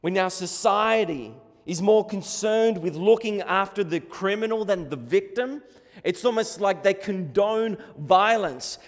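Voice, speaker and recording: Slow, high-voiced preacher in a hall. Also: male voice. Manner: impassioned, rising to pleading cries. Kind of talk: sermon.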